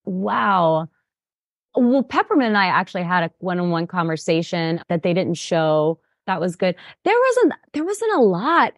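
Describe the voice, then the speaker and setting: A woman's voice: on the low side, big pitch swings, moderate pace, dry recording, clean studio sound. A woman guest in a casual interview, talking animatedly with lots of fillers and laughs. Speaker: reality show contestant guest.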